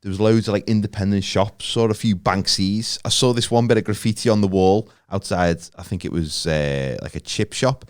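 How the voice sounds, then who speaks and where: A man's voice: on the low side, normal speed, few pauses, dry recording, clean studio sound. A man in his forties with a northern English accent, co-hosting a podcast in a casual, jokey chat. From northern England. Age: 40s. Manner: jokey, chatty, laughs often. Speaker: podcast co-host.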